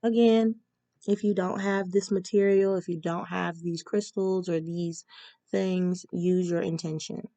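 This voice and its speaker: A woman's voice: on the low side, flat delivery, unhurried, dark tone, no room sound. A woman giving a casual tarot reading, chatty and reading spell instructions aloud with frequent ums. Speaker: tarot reader.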